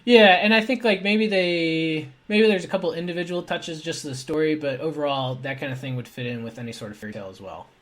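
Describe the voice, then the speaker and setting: A man co-hosting a casual book discussion podcast, chatty and quick to laugh. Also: a little high, fairly bright tone. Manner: chatty, laughs often, trails off. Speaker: podcast co-host.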